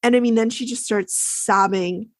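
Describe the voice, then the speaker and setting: A woman's voice: a little high, steady tone, moderate pace, dry recording. A woman co-hosting a podcast, casually recapping a TV episode and acting out the lines people said. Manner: chatty, retells scenes with quoted lines.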